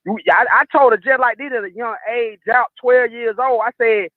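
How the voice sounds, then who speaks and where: A man's voice: very high voice, fast talker, hardly any pauses, no echo. A man from Atlanta calling in to tell a story in a blunt, profane, emphatic way. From Atlanta, USA. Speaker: caller. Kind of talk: call-in storytelling. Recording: dull, dry phone-in audio.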